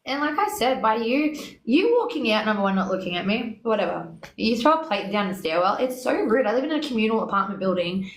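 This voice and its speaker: A woman telling a story in casual chat. She is animated, swears freely and acts out both sides of quoted talk. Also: a little high, a little fast, few pauses. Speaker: guest. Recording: echoey room with faint noise.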